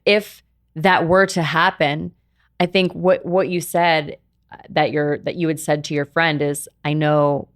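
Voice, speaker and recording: A woman podcast host asking gentle, thoughtful questions, often restarting her sentences. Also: sits low, little pitch movement, a little slow, no room sound, studio quality. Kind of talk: interview conversation.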